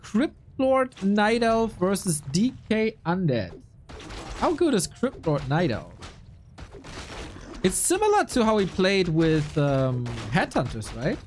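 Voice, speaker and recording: A young man calling a strategy game live, his pitch jumping around animatedly as he shifts between play-by-play and friendly chat with his viewers. He talks casually and reacts on the fly, greeting people in chat mid-sentence. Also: takes it slowly, slight background noise. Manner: lively, chatty, reacts to viewers mid-commentary. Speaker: esports caster and streamer.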